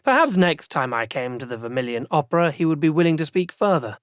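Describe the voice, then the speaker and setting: Man, audiobook narrator, slightly higher pitch, measured, close mic, dry booth. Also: sing-song, no room sound. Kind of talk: first-person audiobook narration.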